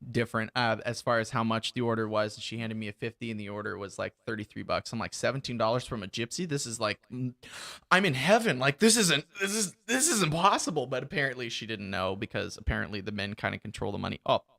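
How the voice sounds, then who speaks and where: A man's voice: fairly low pitch, fairly even intonation, quick pace, gravelly, few pauses, a bit bright. A young man hosting a podcast, chatting casually and telling blunt, profane stories. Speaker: podcast host. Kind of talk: casual chat.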